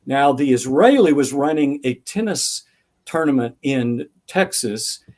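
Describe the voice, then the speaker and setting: A man's voice: mid-range voice, expressive, a little slow, darkish tone. An older man, an author being interviewed, answering thoughtfully with anecdotes and acting out remembered dialogue. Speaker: author guest.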